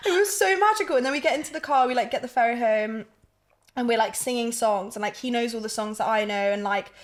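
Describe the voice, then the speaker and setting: A woman's voice: a little high, fast talker. A young woman, co-hosting a podcast and gushing through a personal story in casual chat. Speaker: podcast co-host.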